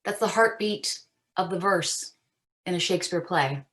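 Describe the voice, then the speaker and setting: A woman teaching an acting master class over a video call, chatty and animated with frequent fillers. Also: lowish voice, a little slow.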